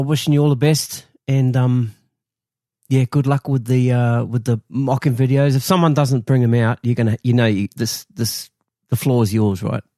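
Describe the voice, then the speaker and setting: A man's voice: mid-range voice, mellow, no room sound, studio quality. A man hosting a podcast in casual chat, easygoing and affirming with short replies. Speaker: podcast host.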